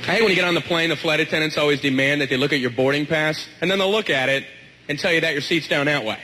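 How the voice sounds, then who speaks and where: Man, stand-up comic, exasperated ranting, high voice. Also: quick pace. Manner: ranting, exasperated, rising to loud outbursts. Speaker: stand-up comedian. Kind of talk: stand-up comedy set.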